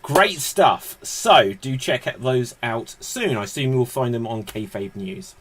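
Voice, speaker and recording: A man's voice: mid-range voice, animated, a little slow, background noise. A man hosting a live online improv comedy show over a video call, upbeat and laughing as he explains the games. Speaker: host.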